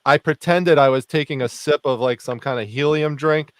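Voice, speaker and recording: A man's voice: fairly high pitch, normal speed, smooth, no room sound, clean studio sound. A man hosting a livestream in casual, jokey chat who laughs often. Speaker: livestream host.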